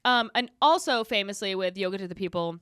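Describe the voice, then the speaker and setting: A woman's voice: mid-range voice, lively intonation, a little fast, a bit bright, smooth, dry recording. A young woman co-hosting a podcast, chatting casually, laughing often and swearing freely. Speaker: podcast co-host. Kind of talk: casual chat.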